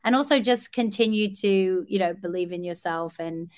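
A woman's voice: mid-range voice, moderate pace. An Australian woman chatting as an actress guest, rambling through her thoughts with restarts and laughing at herself. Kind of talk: casual interview chat.

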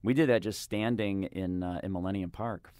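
A man's voice: sits low, normal speed, a little mellow, smooth, no room sound. A man hosting a casual radio studio chat, rambling and correcting himself as he tells stories. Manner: rambling, self-correcting, mimics voices in anecdotes. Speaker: radio host. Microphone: studio microphone.

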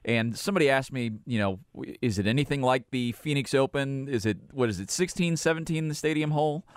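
A man's voice: medium pitch, brisk, dry recording, studio quality. A man hosting a radio show, interviewing a guest in a chatty, easygoing way and laughing often. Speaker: radio host.

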